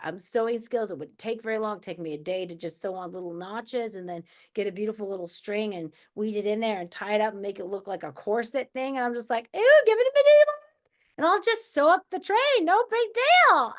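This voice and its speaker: A woman's voice: fairly high pitch, a bit bright. Chatty woman telling a story. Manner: chatty, acts out both sides of remembered dialogue. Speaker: channel host. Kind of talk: casual storytelling monologue.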